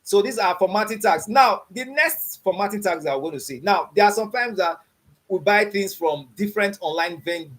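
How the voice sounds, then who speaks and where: High-pitched and fairly bright, with lively intonation at a moderate pace, a coding instructor leads beginners in an online class. He repeats "you understand what I'm saying?" and quizzes learners by throwing out open questions like "what?"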